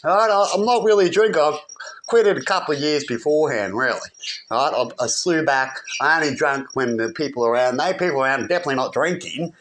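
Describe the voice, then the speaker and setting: A man's voice: on the high side, brisk, fairly bright tone, a little hiss or hum. A man ranting heatedly to camera, rambling and often asking "right?". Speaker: vlogger. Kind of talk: agitated personal rant.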